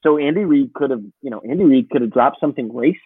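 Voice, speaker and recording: A man's voice: mid-range voice, fast talker, slightly rough, dry recording. A man co-hosting a sports podcast, ranting in casual, profane chat. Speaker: podcast co-host. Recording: tinny phone-like line.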